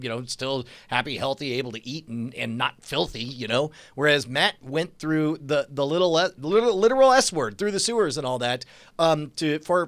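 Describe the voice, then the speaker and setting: Animated man co-hosting a podcast. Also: a little high. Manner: animated storyteller, laughs often. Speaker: podcast co-host. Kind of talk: casual chat about TV episodes.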